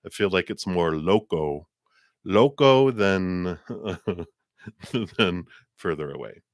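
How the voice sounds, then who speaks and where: Middle-aged male tarot reader with a low voice who chuckles often and repeats words as he thinks aloud. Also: expressive, extremely slow, dry recording, clean studio sound. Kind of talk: live tarot reading for a viewer.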